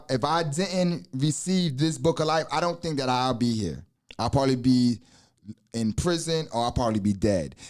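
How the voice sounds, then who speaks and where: This American man in his forties has a mid-range, slightly mellow voice. He's hosting a podcast and chatting casually, swearing freely and wandering into asides and restarts.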